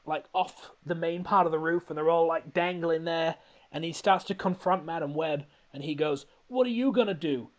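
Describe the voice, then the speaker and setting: Podcast host, male, higher-pitched, rambling comedic recap, laughs a lot. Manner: rambling, laughing often, animated. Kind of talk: casual comedic movie recap.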